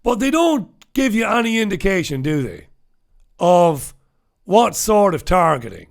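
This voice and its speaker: Unhurried and creaky, his high-pitched voice swings widely in pitch. He's an Irish host doing a solo news review, reading out live chat comments from viewers while being blunt, sarcastic and profane.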